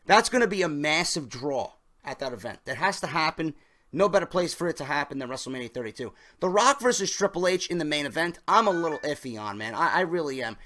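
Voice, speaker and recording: A man's voice: on the high side, pushed and bright. Emphatic male wrestling news vlogger. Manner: emphatic, stresses key words, talks straight to viewers. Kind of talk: casual news commentary.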